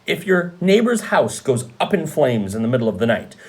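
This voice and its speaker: A man giving a history lecture, talking to the class in a lively, conversational way. He leans hard on key points and often breaks off for quick asides, with a mid-pitched voice that rises and falls a lot. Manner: animated, conversational, emphatic asides. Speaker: history teacher.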